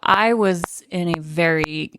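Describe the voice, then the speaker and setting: A woman's voice: fairly low pitch, takes it slowly, background noise. A woman co-hosting a podcast, telling a funny story in casual chat and often laughing through her words. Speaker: podcast co-host.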